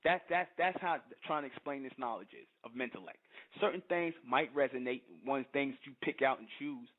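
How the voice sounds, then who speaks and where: A man's voice: mid-range voice, fairly quick. Blunt man hosting a call-in show. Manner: blunt, emphatic, repeats phrases. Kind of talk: call-in broadcast monologue. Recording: lo-fi phone-like broadcast audio.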